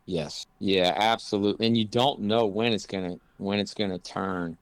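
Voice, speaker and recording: A man's voice: on the low side, steady tone, moderate pace, no room sound. A man who coaches college basketball, talking casually in an interview and rambling with lots of "you know" fillers.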